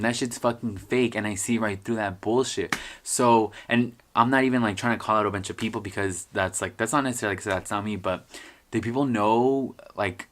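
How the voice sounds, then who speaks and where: A young man vlogging in a casual, profane ranting style, heavy on fillers, with sudden loud outbursts. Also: medium pitch. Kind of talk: casual vlog rant.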